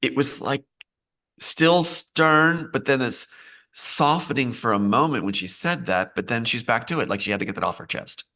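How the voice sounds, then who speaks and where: A man's voice: mid-range voice, expressive, normal speed, sharp tone. A man being interviewed as a screenwriter, talking in a meandering way, often restarting and repeating phrases. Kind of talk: live interview, casual talk.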